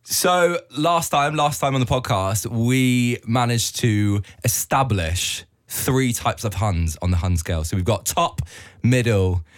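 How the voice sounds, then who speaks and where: Teasing young woman co-host, animated. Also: a bass voice, unhurried. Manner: teasing, laughing, leads the segments. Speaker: podcast co-host. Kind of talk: casual chat.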